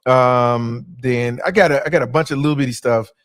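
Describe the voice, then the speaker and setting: A man's voice: mid-range voice, normal speed, no echo, clean studio sound. A man, a comedian guest chatting casually on a podcast with lots of fillers and jokes. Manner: laid-back, joking, many fillers.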